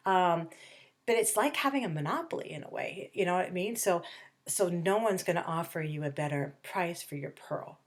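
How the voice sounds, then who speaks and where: A middle-aged woman teacher rambles casually through a book lesson for students she can't see in person. Her voice sits a little low. She stumbles, restarts and fills pauses as she thinks aloud. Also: animated. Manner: acts out characters' lines in quick bursts. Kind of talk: remote lesson talk on a novel.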